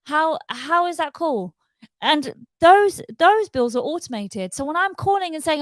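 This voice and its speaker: A woman's voice: sits high, very animated, moderate pace, no echo, rough recording. A woman ranting about her own troubles, upset and emphatic, repeating herself as she talks. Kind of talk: personal rant to camera.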